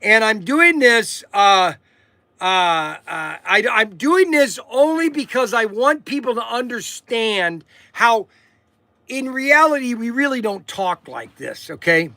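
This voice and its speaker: A man's voice: very high voice, animated, slow pace, sharp tone, no echo. A man hosting a casual livestream, rambling and repeating himself, tacking "okay" onto his sentences. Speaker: livestream host.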